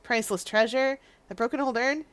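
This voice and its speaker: A woman's voice: a little high, steady tone, a little fast, a bit bright, natural voice. A woman voicing an earnest young male lawyer who questions everything, reading game dialogue aloud. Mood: puzzled.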